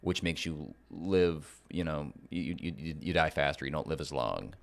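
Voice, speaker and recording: A man from North Carolina co-hosting a casual political podcast, talking in an animated way and often restarting his sentences. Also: extremely low pitch, measured pace, vocal fry. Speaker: podcast co-host.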